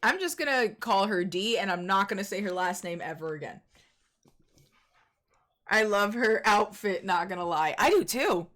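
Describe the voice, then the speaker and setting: A woman's voice: mid-range voice, lively intonation, normal speed, a bit bright. A young adult woman streamer chatting casually with her audience in a playful, teasing way. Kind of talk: casual gaming stream chat.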